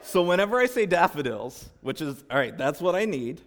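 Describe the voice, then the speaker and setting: A man's voice: on the high side, sing-song, brisk. A man leading a church service who reads aloud reflectively, then playfully and encouragingly guides the congregation through a story with animal noises. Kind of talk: reading aloud and leading a participatory children's story. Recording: long reverb of large hall.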